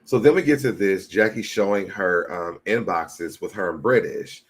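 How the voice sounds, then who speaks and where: A man with a low voice at a normal pace runs a casual commentary show. Addressing his audience as y'all, he reads out posts from social media.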